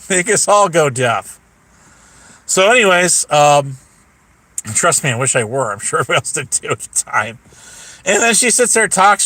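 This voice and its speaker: Male stream host, profane, animated storyteller, high lively voice, dry close sound. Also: dry recording. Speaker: YouTube livestream host. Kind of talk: casual rant to live chat.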